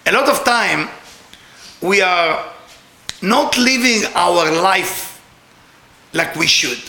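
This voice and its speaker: A middle-aged man telling a personal story in broken English, animated and laughing often. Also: high voice, slow pace, vocal fry, roomy sound.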